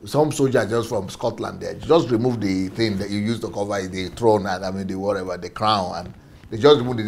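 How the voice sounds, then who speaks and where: A man's voice: on the low side, fairly quick, gravelly, background noise. A man giving a passionate preaching-style talk, emphatic, repeating key phrases and chuckling as he goes. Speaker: speaker on faith and systems.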